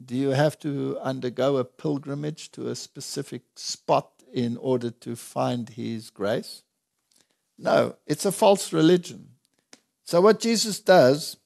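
A man's voice: medium pitch, vocal fry, a little mellow. A man teaching the Bible in conversation, earnest and emphatic, reading scripture aloud in old-fashioned wording.

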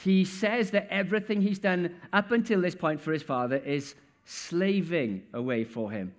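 A male preacher delivers a church sermon at a moderate pace in an easy, conversational style, repeatedly asking his listeners questions. His voice sits somewhat higher than most men's.

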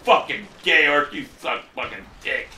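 A man giving live gameplay commentary, loud and profane, ranting and trash-talking. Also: mid-range voice, lively intonation, moderate pace, reverberant, slight background noise. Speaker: gamer.

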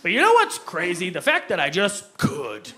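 High-voiced young male stand-up comic. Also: normal speed. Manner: animated, jumps into high-pitched acted voices for quoted people. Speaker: stand-up comedian. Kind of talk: stand-up comedy set. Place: comedy club stage before a live audience. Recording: live club recording with loud crowd and noise. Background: audience laughter.

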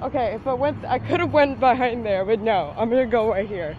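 A teenage girl vlogs on a city street from a handheld phone or tablet, rambling, mocking herself and swearing constantly while loud traffic roars behind her. Her fairly high voice is a little fast, and the sound is lo-fi.

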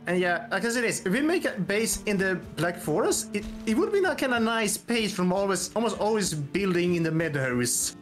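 Co-op gamer, man, high animated voice, talks through plans with restarts. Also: moderate pace, few pauses, faint music behind. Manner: planning aloud, restarts often. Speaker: co-op gaming partner. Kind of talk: casual gaming chat.

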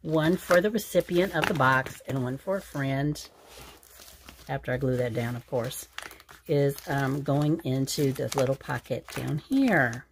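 A woman's voice: very deep voice, measured pace, background noise. A woman chatting casually as she shows her crafts, rambling with lots of fillers and restarts. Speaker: crafting channel host. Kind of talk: casual craft show-and-tell.

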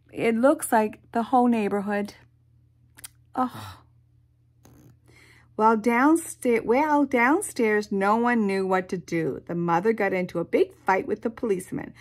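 A woman reading a picture book aloud to children, animated, with sound effects and soft whispered asides. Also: fairly high pitch. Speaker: storyteller.

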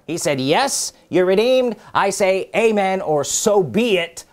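A man's voice: sits high, expressive, unhurried. A man preaching a sermon, stressing and repeating key phrases, asking the listeners questions, and reading scripture in older formal wording.

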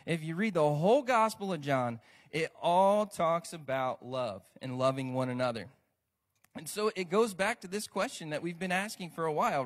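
An American man preaching a sermon as pastor, lively and conversational, often checking in with the congregation. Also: high voice.

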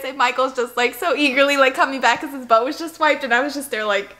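A woman's voice: sits high, quick pace, hardly any pauses, pushed and bright. A woman co-hosting a casual podcast chat, telling funny stories animatedly with laughter. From Florida. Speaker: podcast co-host.

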